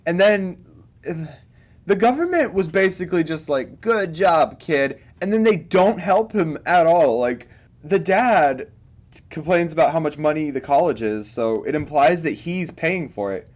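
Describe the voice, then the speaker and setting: A man's voice: on the high side, animated, moderate pace, darkish tone. An enthusiastic man chatting about movies as the host. His talk is casual and loose, full of little asides.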